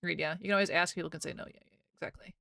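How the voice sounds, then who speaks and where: A woman's voice: lowish voice, steady tone, rapid-fire, gravelly, pushed and bright. A young American woman streaming live, chatting casually with her viewers, rambling and laughing often as she reads chat aloud.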